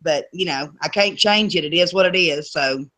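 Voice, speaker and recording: A woman's voice: lowish voice, normal speed, pushed and bright. Chatty Southern woman who laughs a lot. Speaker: co-host. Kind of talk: casual chat.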